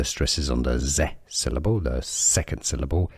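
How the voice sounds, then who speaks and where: A man giving a scripted pronunciation lesson, saying words slowly and deliberately. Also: a bass voice, breathy edge, dry recording, studio quality. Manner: slow, deliberate word-by-word demonstration. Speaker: pronunciation teacher.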